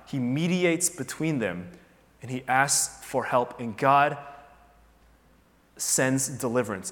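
A man preaching a sermon in a conversational, animated way, asking the listeners rhetorical questions. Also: mid-range voice. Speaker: pastor. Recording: long hall reverb.

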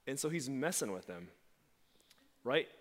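A man gives a conversational sermon in a church sanctuary, his mid-pitched voice carrying a long hall reverb. He preaches as a pastor and acts out quoted lines with sudden leaps upward in pitch. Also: very animated, unhurried.

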